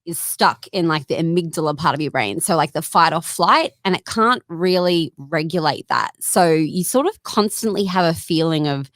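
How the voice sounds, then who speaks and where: A woman's voice: deep voice, lively intonation, normal speed, hardly any pauses, a bit bright, dry recording. A young woman guest talking casually in a studio interview, chatty with lots of fillers and laughs.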